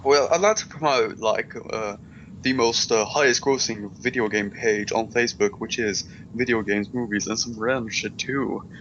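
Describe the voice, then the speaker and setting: A man's voice: on the low side, moderate pace, fairly bright tone, muffled recording, slight background noise. A man in casual banter, hesitant and full of fillers, making crude jokes. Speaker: guest page admin.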